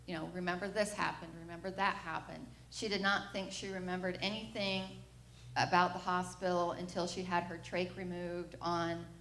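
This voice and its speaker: A middle-aged woman with a fairly low voice gives a personal testimony in a church. She tells her story frankly and acts out the quoted lines. Her voice rings in an echoey room over a faint hum of ambience. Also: little pitch movement, normal speed, fairly bright tone. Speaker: mother giving a church testimony. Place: church sanctuary.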